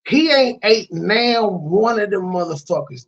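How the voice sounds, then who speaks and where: A man's voice: sits high, animated, measured pace, hardly any pauses, a bit bright, highs cut off. A man hosting a reaction commentary, ranting with profane disbelief. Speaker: commentary channel host.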